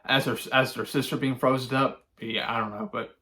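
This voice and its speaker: A man's voice: mid-range voice, fairly even intonation, a little fast, bright, forceful tone. Rambling man with many fillers. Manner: chuckles often while recounting. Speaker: movie reviewer. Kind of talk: casual spoken movie review.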